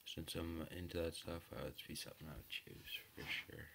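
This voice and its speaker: A man thinks aloud while testing a website, reading each question and then answering in loose, hesitant casual chat. His voice sits extremely low and carries a gravelly fry. Despite the depth, his tone comes across bright and forward. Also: fairly even intonation, normal speed, slight background noise. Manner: casual, hesitant, many ums and likes. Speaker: website tester.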